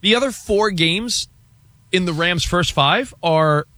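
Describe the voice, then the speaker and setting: A man co-hosting a sports radio show, chatting in an animated, excitable way and running through a team's schedule. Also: sits high, slow pace, no echo. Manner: animated, jumps between excited bursts and asides. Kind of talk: casual sports talk banter.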